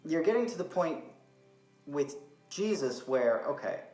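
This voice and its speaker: A man's voice: a little high, measured pace. Young guy on a podcast, gets really into retelling stuff, echoey room, faint music behind. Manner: animated storyteller who acts out quotes and swears casually. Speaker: podcast co-host. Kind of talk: casual podcast discussion.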